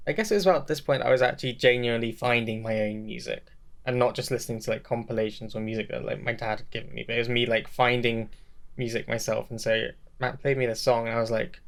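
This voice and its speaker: A man's voice: mid-range voice, fairly even intonation, fast talker, gravelly. A young man co-hosting a podcast, talking in a casual, rambling and enthusiastic way, often laughing at himself. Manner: rambling, enthusiastic, self-mocking. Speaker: podcast co-host.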